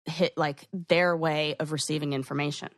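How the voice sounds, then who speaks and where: A woman's voice: low-pitched, fairly even intonation, moderate pace. A woman co-hosting a podcast in casual chat, acting out quoted phrases as she explains. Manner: chatty, acts out quoted phrases. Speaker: podcast co-host.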